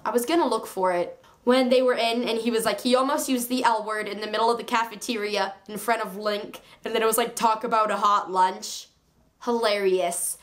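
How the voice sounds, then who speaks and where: A woman reviewing a book on her video channel, chatting in a gushing, excitable way with sarcastic asides. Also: a little high. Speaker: book vlogger.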